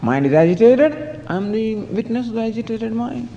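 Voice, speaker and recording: Man, spiritual teacher, high lively voice, storytelling discourse, hall reverb, dull lo-fi sound, faint hiss. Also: brisk, vocal fry. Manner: storytelling, chuckling, says "you know". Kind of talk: scriptural discourse.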